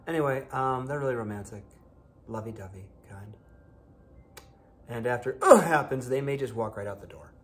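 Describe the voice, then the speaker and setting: A tarot reader from Buffalo, New York, United States, gives a casual, chatty reading full of playful exclamations. His mid-range voice moves at a moderate pace with frequent pauses.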